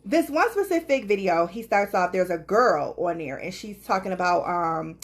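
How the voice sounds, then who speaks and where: Animated woman with lively pitch. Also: moderate pace. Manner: animated storytelling, quotes others with voices, laughs often. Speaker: podcast co-host. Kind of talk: casual chat.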